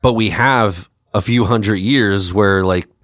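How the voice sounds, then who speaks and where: A man with a low voice co-hosting a podcast, talking loosely and rambling through his thoughts with lots of fillers and easy laughs. The sound is close and dry, with no room around it. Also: takes it slowly, fairly bright tone, dry recording. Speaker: podcast co-host. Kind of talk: casual chat.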